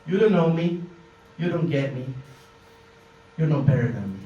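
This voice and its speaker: Young guy doing a raw confessional stage monologue, kinda high voice, super echoey basement, phone mic way back in the crowd. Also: expressive, normal speed, long pauses. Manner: intense, raw and confessional, swinging from quiet to shouting. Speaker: solo stage performer. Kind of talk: one-man stage monologue. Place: small basement venue. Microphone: phone filming from the audience. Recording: echoey, distant phone recording in a room.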